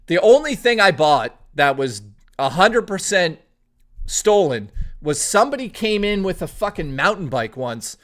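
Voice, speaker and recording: A young man from Toronto streaming, telling a long story in a rambling, animated way, swearing freely. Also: sits high, measured pace. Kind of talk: casual storytelling on a live stream.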